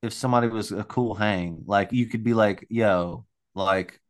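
A man's voice: fairly low pitch, brisk. A man co-hosting a casual true-crime podcast, joking and rambling, swearing casually. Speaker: podcast co-host.

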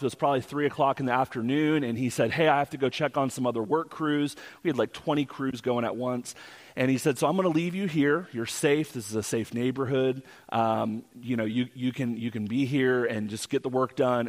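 A male pastor telling a personal story in a sermon, animated and vivid. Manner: animated storyteller, rising pitch in tense moments. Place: church sanctuary. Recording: long church hall reverb.

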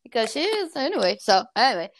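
A woman's voice: on the high side, quick pace, no echo, studio quality. A woman in casual chat, telling a story with lots of laughter and acted-out quotes. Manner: animated storytelling, laughing often, acting out quotes.

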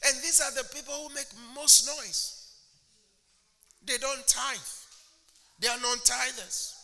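A man's voice: very high-pitched, steady tone, slow pace, gravelly, pushed and bright, big-room sound. A man preaching a sermon as a pastor, using a prop and mocking impressions of churchgoers.

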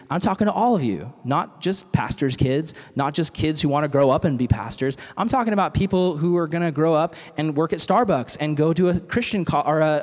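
Casual young man preaching in a hall. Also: fairly high pitch. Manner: casual, animated, storytelling with acted quotes. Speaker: youth speaker. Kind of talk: youth sermon. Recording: reverberant hall.

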